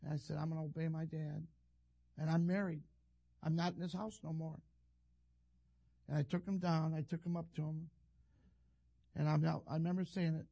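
A man's voice: a little high, little pitch movement, moderate pace, creaky, pauses often, warm tone. An older man, a pastor telling a rambling, folksy story in a sermon. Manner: rambling, folksy, self-interrupting.

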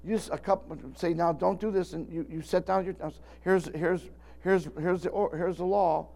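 A man's voice: high voice, fairly even intonation, normal speed, gravelly, a little mellow. An older man preaching a sermon in a folksy, rambling way, often restarting his sentences. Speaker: pastor.

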